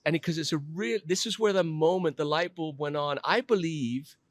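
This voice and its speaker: A man in his fifties, a podcast guest, telling a personal story in an earnest, animated way. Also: on the high side, moderate pace, no room sound.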